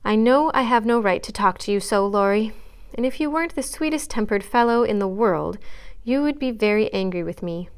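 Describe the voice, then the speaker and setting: A woman's voice: medium pitch, brisk, clear, resonant tone, lightly acted. A woman reading as Amy, earnestly scolding. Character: earnest young woman, frank and observant. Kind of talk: read-aloud storybook dialogue.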